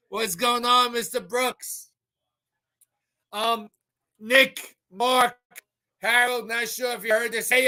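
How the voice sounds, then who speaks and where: A man hosting a live stream with a hoarse, recovering voice, chatting casually and greeting viewers by name with boisterous shouts. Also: very high voice. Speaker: live stream show host.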